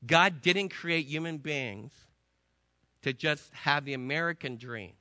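A man preaching a sermon to a congregation, telling a story with emphatic swings between loud and hushed delivery. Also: fairly high pitch, takes it slowly, no echo. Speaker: pastor.

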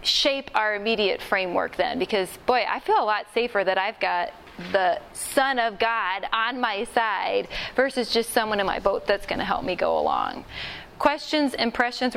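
This woman's mid-range voice sounds gravelly yet a bit bright, with some hiss or hum audible. She's teaching a Bible study training workshop to a group in a meeting room, chatting with them and acting out quotations.

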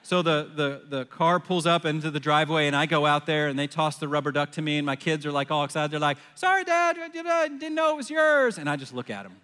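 A man in his forties preaching a sermon, telling a personal story in an animated way and acting out his own panicked phone call. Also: fairly high pitch, quick pace, hardly any pauses, clean tone. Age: 40s. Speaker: pastor. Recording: long hall reverb.

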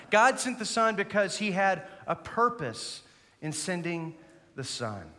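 A man's voice: sits high, very animated, measured pace, sharp tone. A man, an associate pastor, preaching a sermon with earnest emphasis and inviting the congregation to recite along. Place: church sanctuary. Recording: long reverb of a church hall.

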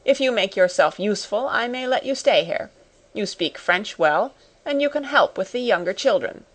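A woman's voice: medium pitch, animated, moderate pace, natural voice. Woman voicing a cold, domineering schoolmistress. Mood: commanding. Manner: cold, commanding, scolding. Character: stern domineering schoolmistress, middle-aged woman.

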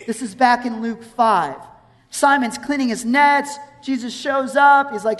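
A woman preaching a sermon in a conversational, animated way, reading verses and acting out scenes. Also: on the high side, unhurried. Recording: long hall reverb.

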